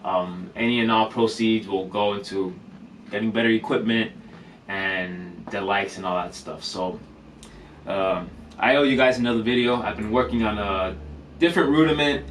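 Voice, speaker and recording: A man's voice: on the low side, moderate pace, a little hiss or hum. Casual rambling male drum vlogger. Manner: relaxed, rambling, many fillers and restarts. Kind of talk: casual instructional vlog. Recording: distant mic, faint room ambience.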